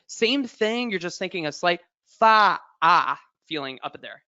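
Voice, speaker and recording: A man's voice: high-pitched, lively intonation, measured pace, hardly any pauses, sharp tone, clean tone, no room sound, dull audio, faint music behind. A man coaching a singer in a webinar, encouraging and demonstrating notes as he talks. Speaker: vocal coach.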